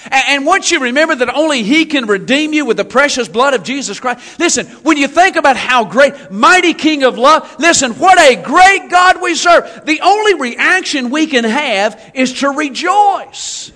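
A man preaching in church with a very high, bright, ringing voice. He delivers his sermon in a folksy, animated way, with joking asides and sudden shouted emphasis. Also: normal speed, few pauses.

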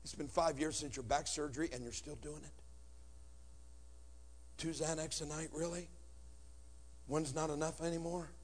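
High-voiced preacher swinging loud to hushed. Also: male voice, steady tone, normal speed, pauses often. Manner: emotional, swings from shouting to hushed. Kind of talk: sermon with personal testimony. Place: before a congregation.

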